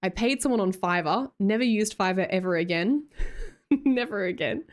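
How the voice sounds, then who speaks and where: A young Australian woman chatting casually on a livestream, bubbly and quick to laugh, answering chat as she goes. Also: medium pitch, lively intonation. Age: young adult. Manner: bubbly, laughs often, reads chat aloud.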